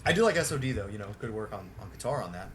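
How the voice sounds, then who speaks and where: A man's voice: lowish voice, sing-song, very fast. A man hosting a podcast in casual chat, rambling with lots of fillers and swearing. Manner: rambling, profane, heavy on fillers. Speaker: podcast host.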